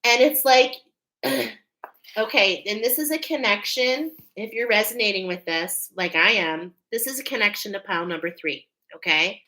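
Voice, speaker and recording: A woman's voice: mid-range voice, moderate pace, sharp tone, low-quality recording. A woman leading a live oracle card reading, emotional and preacher-like, constantly checking in with her listeners. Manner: emphatic, checks in with "okay?" constantly. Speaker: spiritual card reader.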